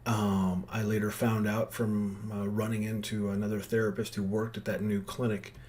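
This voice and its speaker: A man's voice: lowish voice, level tone, normal speed, a little mellow, slight background noise. A middle-aged man talking as a podcast host in a personal monologue, reflective and earnest, rambling with frequent restarts and fillers. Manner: earnest and heartfelt.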